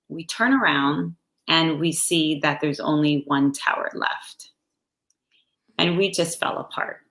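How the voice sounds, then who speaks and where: A woman guest telling her personal story slowly and softly, with halting pauses. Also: deep voice. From United States. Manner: slow, soft-spoken and halting. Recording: echoey room.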